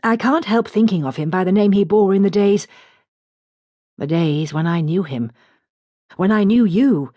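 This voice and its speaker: A woman voicing an earnest, flustered woman near thirty, speaking in a polite, halting manner, in an audiobook. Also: mid-range voice, expressive, mellow, no room sound, pitched above the performer's own voice, natural voice.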